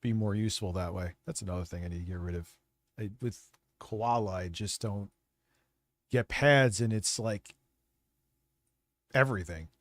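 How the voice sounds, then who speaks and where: A man livestreams in a heated, profane rant, defending himself as he goes. His voice is gravelly with a cold, and the sound is dry and close. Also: on the low side, normal speed, pauses often, no echo. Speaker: streamer reacting to videos.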